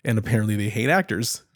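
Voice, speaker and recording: A man co-hosting a podcast, recapping a show in casual chat, laughing often and acting out lines in animated voices. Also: on the low side, dry recording, clean studio sound. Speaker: podcast co-host.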